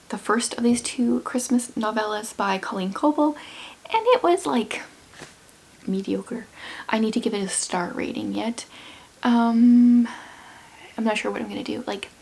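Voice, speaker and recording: A woman vlogger chatting casually about what she is reading, in a rambling, offhand way, while losing her voice and sounding hoarse. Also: mid-range voice. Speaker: book vlogger. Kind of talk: casual book chat.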